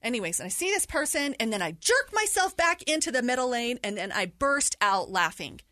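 Animated woman telling her story. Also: a little high, brisk, no room sound, studio quality. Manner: animated storytelling, laughs through hard memories. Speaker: guest sharing her story. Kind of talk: candid interview conversation.

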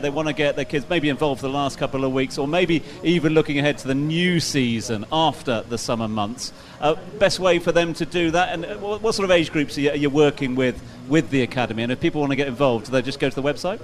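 A man's voice: mid-range voice, fast talker, hardly any pauses. A man with a Hereford accent interviewing a guest, asking questions conversationally with frequent stammering restarts.

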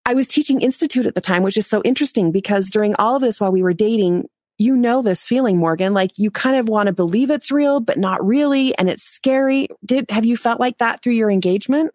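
A woman in her forties, a podcast guest, telling a personal story in an animated way, acting out quotes and laughing. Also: on the high side, a little fast, dry recording, clean studio sound. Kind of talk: storytelling interview.

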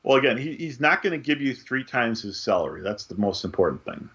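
A man co-hosting a casual sports podcast, talking through picks in a measured, analytical way with frequent fillers. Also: medium pitch, big pitch swings, a bit bright, breathy edge, lo-fi sound. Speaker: podcast co-host.

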